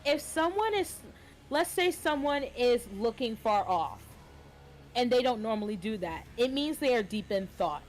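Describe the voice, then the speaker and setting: A woman co-hosting a casual stream chat, blunt and animated, swearing freely. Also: a little high, moderate pace, soft background music. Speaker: co-host streamer.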